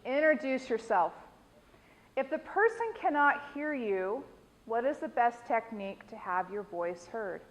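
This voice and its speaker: A woman's voice: a little high, expressive, a little slow, long reverb tail, low-quality recording. An American woman leading a dementia care training class, explaining techniques and quizzing the group with questions.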